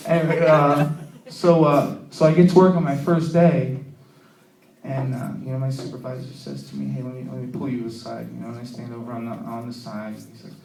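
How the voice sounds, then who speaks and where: Rambling, profane stand-up comic in a roomy club. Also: male voice, mid-range voice, steady tone, fairly quick, vocal fry, darkish tone, a little hiss or hum. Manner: rambling, profane, heavy with "you know". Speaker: stand-up comedian. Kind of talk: open mic stand-up. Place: comedy club stage. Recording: roomy club sound from a distant mic.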